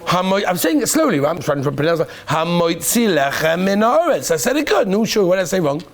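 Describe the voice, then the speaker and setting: Animated high-voiced rabbi teaching a class. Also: male voice, rapid-fire. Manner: animated, quizzes students by name and praises answers. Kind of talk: lively classroom lesson.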